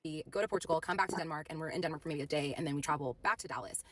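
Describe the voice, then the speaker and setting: A woman telling her personal story in a quick, breathless storytime monologue. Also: low-pitched. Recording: noisy clip.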